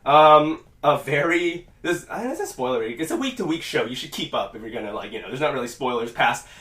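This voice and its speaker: A man hosting a casual podcast, rambling and cursing freely as he talks wrestling, now and then jumping into loud quoted voices. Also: medium pitch, a little fast. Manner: rambling, profane, animated when quoting. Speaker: podcast host. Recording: echoey room, mic at a distance.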